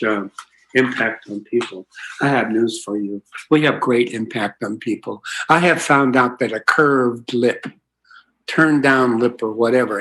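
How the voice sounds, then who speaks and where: An older man speaks at a recovery meeting, telling his story in a folksy, rambling way. He fills his talk with asides and fillers. His pitch sits in an ordinary middle range. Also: a bit bright.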